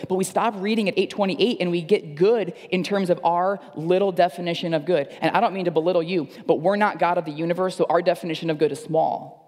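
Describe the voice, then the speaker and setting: A man's voice: high voice, steady tone, quick pace, hardly any pauses, a little mellow, in a large hall. A man preaching a sermon as pastor, earnest and repeating phrases for emphasis. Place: church service.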